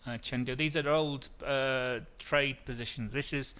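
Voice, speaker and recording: A middle-aged man hosts a live trading webinar with a bright, forceful voice. He rambles through charts at a mid pitch, restarting phrases and answering viewer questions as he goes. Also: steady tone, measured pace, clean tone.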